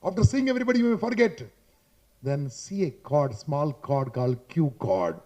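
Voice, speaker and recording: Indian english guy coaching a crowd on public speaking, high-pitched but mellow, keeps saying boss. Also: lively intonation, normal speed. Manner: emphatic and repetitive, ends points with "boss"; chatty, addresses listeners directly. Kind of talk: motivational talk to a live audience. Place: hotel conference hall.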